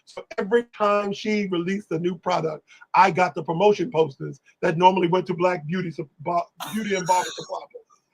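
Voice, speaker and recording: A man guest, telling animated stories in casual talk, singing bits of lyrics and acting out voices. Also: high voice, brisk, creaky, slight background noise, low-quality recording. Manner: animated, exclamatory, sings lyrics and acts out voices. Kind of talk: casual storytelling on a live stream.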